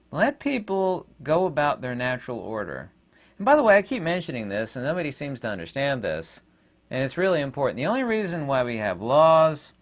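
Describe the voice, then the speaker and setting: A man hosting his own channel, talking in a rambling, digressive monologue full of fillers. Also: medium pitch. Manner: animated, digressive, many fillers. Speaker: channel host.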